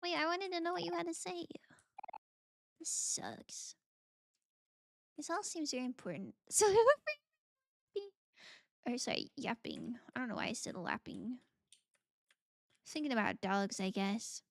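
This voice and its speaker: A woman streamer chatting casually while she plays a game, reading chat aloud and bursting into excited greetings. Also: high-pitched, moderate pace, vocal fry, long pauses.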